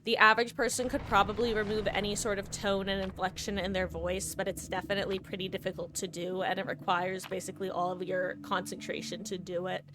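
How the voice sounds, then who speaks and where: A woman's voice: mid-range voice, flat delivery, fairly quick, hardly any pauses. Woman in her 30s, game streamer, rambly casual chat, faint hiss under the voice. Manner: chatty and rambling, many ums and likes. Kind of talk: casual live-stream chat while gaming.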